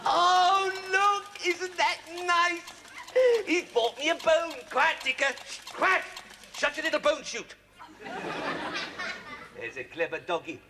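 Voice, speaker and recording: A man's voice: extremely high pitch, sing-song, slow pace, full character voice. A man voicing a cheeky, posh male fox puppet who giggles and teases with sing-song wordplay in 1970s children's TV comedy. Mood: cooing. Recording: studio audience laughter with hiss.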